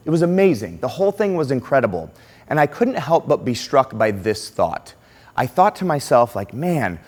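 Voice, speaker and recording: A middle-aged man giving a conference keynote, telling a classroom story and acting out the quotes. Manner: animated, acts out quotes with lively pitch swings. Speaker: keynote speaker.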